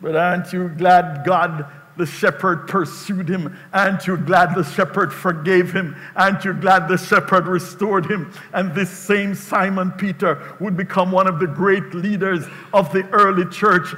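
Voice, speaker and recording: A man preaching a sermon as pastor, emphatic and rising to shouted call-and-response, in a church sanctuary. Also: sits high, steady tone, a little slow, hardly any pauses. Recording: long reverb of a large hall.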